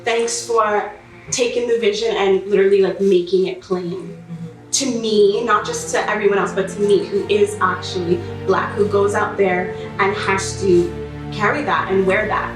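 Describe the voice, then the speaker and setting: A woman's voice: medium pitch, steady tone, moderate pace. A young woman speaking earnestly and reflectively as a guest in a casual group chat. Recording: roomy room from a distant mic, music behind.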